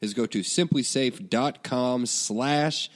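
A man's voice: mid-range voice, slow. A man co-hosting a podcast, chatting casually with a laid-back, swearing manner and hyping sponsors. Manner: laid-back, profane, hypes products. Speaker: podcast co-host. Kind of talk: casual chat and ad reads.

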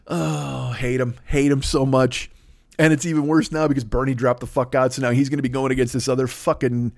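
Ranting, foul-mouthed comedian host. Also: male voice, mid-range voice, steady tone, moderate pace, gravelly, darkish tone, no echo, clean studio sound. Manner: rambling, heavy swearing, self-interrupting. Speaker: podcast host. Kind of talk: profane comedic rant.

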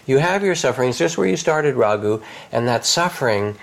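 A man speaking as a meditation teacher, gently guiding listeners toward self-compassion and softly voicing their inner thoughts. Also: medium pitch, animated, moderate pace, vocal fry.

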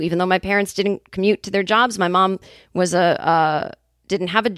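Woman in her fifties, comedic podcast host, from Boston area, profane, animated, dry sound. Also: medium pitch, normal speed, no room sound. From New England, Boston area. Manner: animated, profane, jokey asides. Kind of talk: casual comedic monologue.

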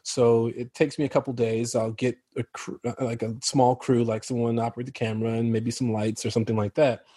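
An American man, an actor from Chicago, telling stories in a casual interview, animated and quick to laugh. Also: mid-range voice, slightly rough, no room sound. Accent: General American. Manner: animated storyteller, laughs often. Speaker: actor guest.

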